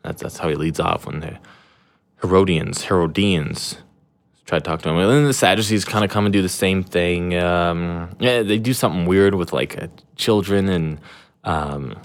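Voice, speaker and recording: A man's voice: low voice, moderate pace. A young man hosting a podcast in casual chat, rambling and slangy with lots of fillers and restarts, irreverent and self-deprecating. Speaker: podcast host.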